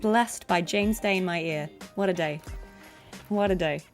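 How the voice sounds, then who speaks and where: A woman's voice: on the low side, a little slow, soft background music. A woman with a neutral RP English accent chatting as a voice actor while streaming a game, laughing often. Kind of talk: casual stream commentary.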